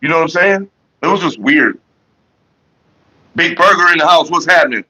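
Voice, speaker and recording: A man's voice: a little high, expressive, moderate pace, background noise. A man hosting a casual livestream, telling loose stories and greeting viewers in the chat. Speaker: livestream host. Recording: dull lo-fi stream audio.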